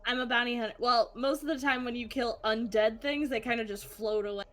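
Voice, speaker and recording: Female player with a higher voice; playful, casual table talk. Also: steady tone, fairly quick, a bit bright. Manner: joking, laughs easily. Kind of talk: casual tabletop role-play.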